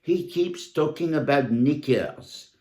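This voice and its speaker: Man playing an exasperated French mum, fake French accent, slow and put-upon, roomy sound. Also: on the high side, dark tone. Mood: indignant. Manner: exasperated, incredulous complaining. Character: indignant middle-aged French mother, baffled by English ways. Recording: echoey room.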